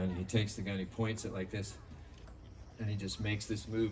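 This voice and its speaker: Man, lowish voice, rambling memorial stories, distant outdoor mic, faint noise. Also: flat delivery, brisk. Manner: rambling, anecdotal, many fillers. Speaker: speaker at a memorial. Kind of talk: storytelling memorial tribute. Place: outdoors in a park.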